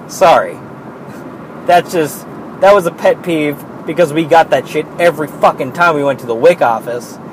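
A man's voice: a little high, slight background noise, poor audio. A young man, a new father, telling a rambling personal story in a casual, profane way.

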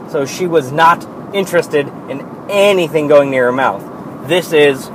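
Young man, casual storytelling, profane, rambling, slightly high voice, faint background noise. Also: poor audio. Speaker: new father.

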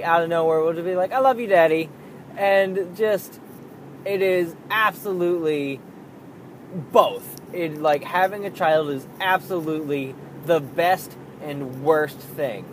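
A man's voice: fairly high pitch, a little hiss or hum, rough recording. A young man talking candidly about being a parent, swearing freely and acting out his own frustrated outbursts. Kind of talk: casual monologue.

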